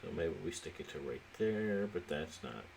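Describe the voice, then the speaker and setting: A man's voice: sits low, expressive, normal speed, creaky, darkish tone, a little hiss or hum. A man hosting a city-building let's play, talking casually and thinking aloud with frequent restarts, a little sleepy. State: sleepy, yawning. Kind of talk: casual gameplay commentary.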